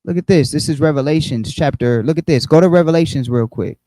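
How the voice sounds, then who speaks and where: A man's voice: fairly high pitch, fast, warm tone, no echo, low-quality recording. A man teaching an online Bible study, explaining with frequent restarts and repeated words.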